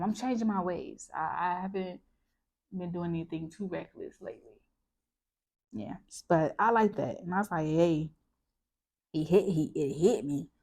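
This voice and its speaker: Woman vlogger, low-ish voice, casual scripture chat, reflective and loose. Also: darkish tone. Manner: chatty and reflective, with many fillers. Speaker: bible study vlogger.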